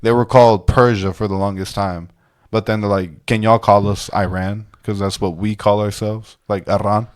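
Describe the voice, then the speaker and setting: A man in casual podcast chat, telling lively stories and acting out the people he quotes. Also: fairly low pitch, normal speed, clean tone. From Mexican heritage. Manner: animated storyteller, acts out quoted exchanges. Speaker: podcast guest.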